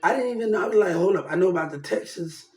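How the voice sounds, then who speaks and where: Heated young man with a high voice. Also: expressive, very fast, darkish tone, echoey room. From New Orleans, Louisiana. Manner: rambling, heated, swears often. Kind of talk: casual ranting monologue.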